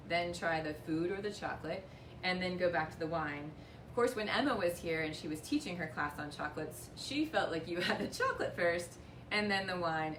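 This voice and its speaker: A woman's voice: lowish voice, fairly bright tone, a little hiss or hum. A woman hosting a casual wine-and-chocolate tasting lesson in a winery tasting room, chatty and upbeat with light self-mocking humor. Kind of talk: casual instructional demonstration. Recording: echoey room, voice picked up from a distance.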